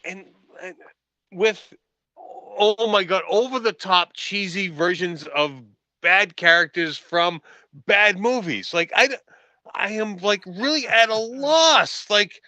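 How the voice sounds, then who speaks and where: A man's voice: high-pitched, slow, sharp tone, dry recording, lo-fi sound. A man co-hosting a casual movie podcast, ranting in exasperation with lots of stammered restarts. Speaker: podcast co-host. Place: room at home, late evening.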